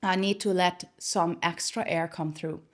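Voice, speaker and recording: Unhurried woman voice coach. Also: on the low side, steady tone. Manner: explains step by step, slips into singing examples. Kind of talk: singing lesson with sung demonstrations.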